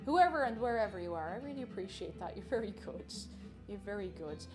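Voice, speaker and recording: A woman's voice: mid-range voice, expressive, brisk, soft background music. A woman chatting casually and giggling as she cooks at home and greets her viewers by name. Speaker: cooking livestreamer. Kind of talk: casual cooking livestream chat. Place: home kitchen.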